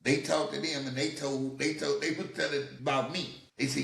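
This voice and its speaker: A man's voice: mid-range voice, level tone, moderate pace, creaky, fairly bright tone, a little hiss or hum. An older man telling stories about his youth in casual podcast talk, acting out other people's voices, swearing freely and laughing often. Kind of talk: casual storytelling. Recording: echoey room.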